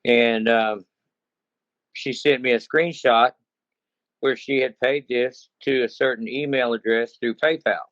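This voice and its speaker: Unhurried and fairly even in intonation, a cattle-ranching man with a mid-range, somewhat bright voice tells a casual first-person tale of a scam he fell for as a consumer. He rambles folksily and repeats himself a lot, and the sound is dull, lo-fi, and dry, with no echo.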